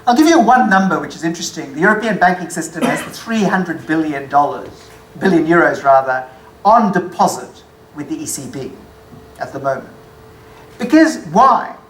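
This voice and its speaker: Low-voiced woman lecturing in echoey room. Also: expressive, normal speed, a little hiss or hum. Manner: dry, wry asides; corrects own figures mid-sentence. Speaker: speaker giving a presentation. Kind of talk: lecture-style presentation with slides.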